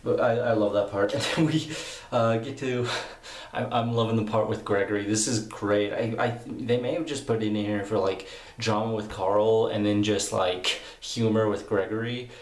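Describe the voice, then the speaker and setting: Young guy, eager, rambling comic review, low-ish voice, roomy echo. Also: normal speed. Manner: excited, rambling, many fillers.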